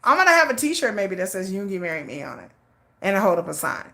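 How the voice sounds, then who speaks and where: A woman hosts a relaxed livestream, chatting with her viewers and telling stories about a friend. Her pitch swoops up and down as she acts out both sides of each exchange, quoting her friend and then herself. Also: fairly quick, gravelly. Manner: animated storytelling, acting out a friend's lines, frequent laughs; reads and answers viewer chat. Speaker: livestream host. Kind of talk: casual livestream chat.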